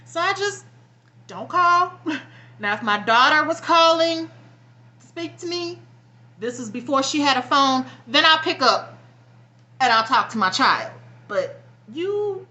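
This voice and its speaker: A young woman talks straight to her camera in an emotional personal vlog, venting bluntly with frequent swearing. Her voice is high and bright, and she sounds close to tears and worn down. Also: expressive, moderate pace. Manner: frustrated, blunt, profane venting. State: near tears. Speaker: vlogger.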